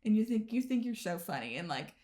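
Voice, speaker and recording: A woman's voice: mid-range voice, brisk. Chatty young woman telling stories. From American Midwest. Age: 20s. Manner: animated storyteller, acts out quotes, many "like"s. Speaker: podcast co-host. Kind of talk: casual storytelling chat.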